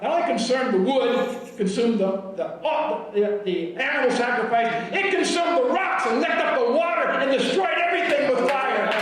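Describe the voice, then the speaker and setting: A man preaching a sermon in a high voice, animated and often shouting. The mic sits well away from him. His words ring around a very echoey church hall. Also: recorded from a distance. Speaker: pastor. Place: church sanctuary.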